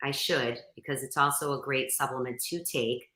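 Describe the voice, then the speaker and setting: A woman's voice: rumbling low, fairly even intonation, moderate pace, pushed and bright, reverberant. A middle-aged woman talking earnestly as a podcast guest over a call, rambling with restarts. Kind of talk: casual interview chat.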